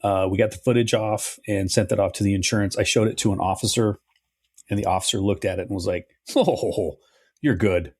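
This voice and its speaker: A middle-aged man co-hosting a podcast, telling a long story in a relaxed, chatty way and swearing now and then. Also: fairly low pitch, fast talker, slightly rough, dry recording. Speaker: podcast co-host. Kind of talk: casual podcast chat.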